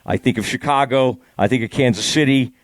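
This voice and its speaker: A man's voice: medium pitch, a little fast, no room sound. A man hosting a casual chat, asking easygoing, rambling questions. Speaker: podcast host.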